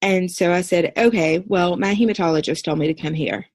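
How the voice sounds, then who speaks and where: A woman in her thirties, a podcast guest, earnestly telling a personal story in a steady recounting way. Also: fairly low pitch, brisk, breathy edge, no room sound. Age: 30s. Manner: earnest, steady recounting with brief quoted dialogue.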